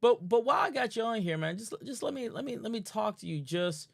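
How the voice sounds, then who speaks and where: A man's voice: high voice, lively intonation, fairly quick, gravelly, fairly bright tone, dry recording, clean studio sound. A man hosting a live online show, talking in a casual, hyped-up way, repeating phrases, restarting often and tagging lines with "man.". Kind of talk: casual hyped-up livestream talk.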